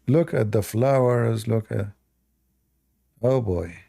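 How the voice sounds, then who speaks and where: A medium-pitched man with a non-native English accent hosts a live debate stream, speaking slowly in a creaky, mellow voice. His casual livestream talk is sprinkled with mocking, sarcastic asides.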